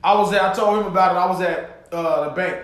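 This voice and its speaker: Animated high-voiced man telling stories. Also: quick pace, roomy sound. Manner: animated, acts out quotes with shouted outbursts and profanity. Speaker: podcast co-host. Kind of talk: casual storytelling chat.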